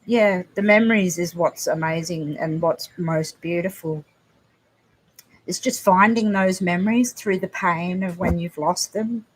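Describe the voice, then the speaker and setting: A woman with a lowish voice hosts a casual livestream chat, talking straight to her viewers. She speaks softly and haltingly, often restarting her sentences, and her talk stays close to emotion. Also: husky. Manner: emotional, halting, soft-spoken with frequent restarts. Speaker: livestream host.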